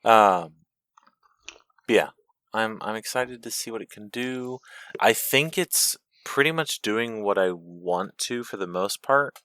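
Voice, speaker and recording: Easygoing low-voiced podcast man. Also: takes it slowly, a bit bright, clear, resonant tone, no room sound. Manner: easygoing, short agreeing replies. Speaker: podcast co-host. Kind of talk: casual gaming chat.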